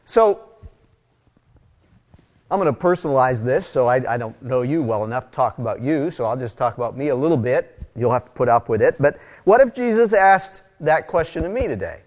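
A man's voice: medium pitch, moderate pace. A middle-aged man preaching a conversational sermon, telling stories with casual asides. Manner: casual, animated, storytelling with asides. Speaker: pastor.

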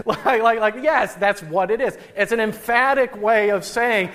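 A young adult man, a pastor, giving a conversational, animated sermon with frequent restarts. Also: sits high, brisk, hardly any pauses.

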